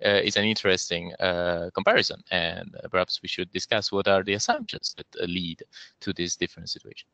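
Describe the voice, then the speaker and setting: A man's voice: low voice, sharp tone, no echo. A man co-running a webinar, explaining a text with many "uh" fillers over a video call. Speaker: co-organiser. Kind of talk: academic webinar discussion. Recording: dry, dull video call audio.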